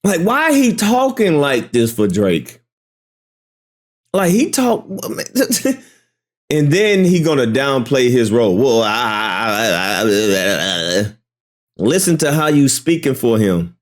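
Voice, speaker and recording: Guy ranting at a stream clip, pitch jumping all over, slangy and fed up. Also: sing-song, slow. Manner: incredulous, exasperated ranting with slang. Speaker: commentary host reacting to a stream. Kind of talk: reaction commentary.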